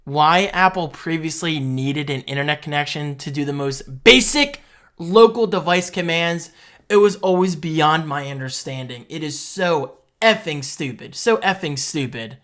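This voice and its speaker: A young man talking casually in a tech reaction vlog, excitable and quick to get loud and heated. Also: fairly high pitch. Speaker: tech vlogger.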